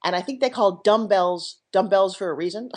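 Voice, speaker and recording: A middle-aged woman, an entrepreneur and TV pitchwoman, telling her story with high energy and enthusiasm in a podcast interview. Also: normal speed. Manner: energetic, enthusiastic, jumps into quoted voices.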